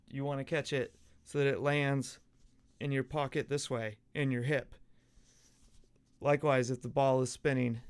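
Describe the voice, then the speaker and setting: A man with a gravelly yet smooth, resonant voice hosts a casual solo sports podcast. He rambles through a how-to explanation, gesturing and correcting himself mid-thought. The sound is dry and close, with no room echo. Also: medium pitch. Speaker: podcast host.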